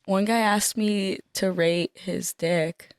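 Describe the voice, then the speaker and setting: A woman's voice: medium pitch, fairly even intonation, slow pace, smooth, no echo, studio quality. A young woman co-hosting a podcast, chatting candidly and filling her talk with "like". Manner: candid, frequent "like" fillers. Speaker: podcast co-host. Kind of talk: casual chat.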